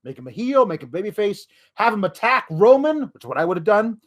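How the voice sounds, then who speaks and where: A man's voice: sits high, very animated, fast talker. A man hosting a wrestling podcast, ranting in exasperation with frequent swearing. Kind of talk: podcast rant.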